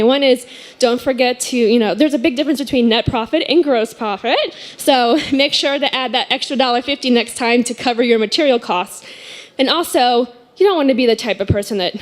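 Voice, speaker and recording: A woman telling a personal story on stage at a story slam, chatty and often laughing as she acts out the people in it. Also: fairly high pitch.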